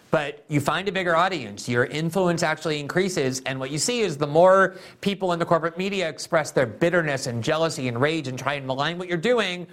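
A man's voice: on the high side, a bit bright. A man hosting a political interview show, talking in earnest, fluent commentary and signing off to viewers. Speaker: host.

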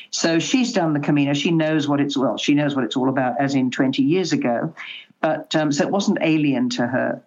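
Older woman, low-pitched, chatty storyteller, slightly dull lo-fi sound. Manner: chatty storyteller, animated quoting. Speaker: guest. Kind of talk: conversational interview.

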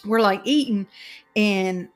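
A woman with a Southern US accent telling a long, animated story in casual chat as a podcast co-host, full of fillers and frequent laughter. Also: mid-range voice, slow, faint music behind.

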